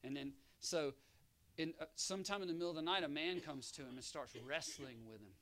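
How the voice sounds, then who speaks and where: High, bright-voiced man preaching a sermon. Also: a little fast. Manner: animated, swinging from hushed storytelling to loud exhortation; calls for congregation response.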